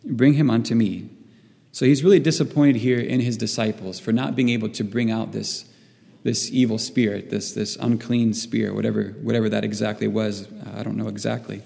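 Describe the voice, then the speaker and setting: Gravelly-voiced man preaching in an echoing hall. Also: on the low side, flat delivery, brisk, mellow. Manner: hesitant, repeats words while searching for phrasing. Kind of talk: sermon. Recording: long reverb in a hall.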